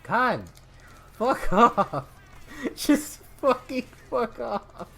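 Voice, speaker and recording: A woman's voice: fairly high pitch, very animated, very slow, vocal fry, a bit bright, slightly rough, soft background music. A woman hosting a gaming video, giving joking, profane let's-play commentary and laughing often.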